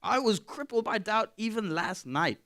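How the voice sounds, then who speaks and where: A man giving a sermon in a candid, conversational way, swinging from loud to hushed. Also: high-pitched, expressive, normal speed. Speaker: pastor.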